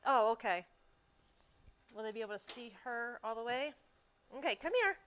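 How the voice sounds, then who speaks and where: A woman's voice: fairly high pitch, steady tone, fairly bright tone, slight background noise. A woman chatting casually and laughing easily as she bakes and talks to viewers on a livestream. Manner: chatty, easygoing, quick to laugh. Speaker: streamer. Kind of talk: casual chat while baking on a livestream.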